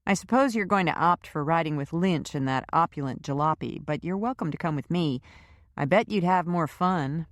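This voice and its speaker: A woman's voice: sits low, moderate pace, no room sound, studio quality, lightly acted. A woman voicing a cheeky, bold woman who rides a motorbike, teasing in tone, in an audiobook.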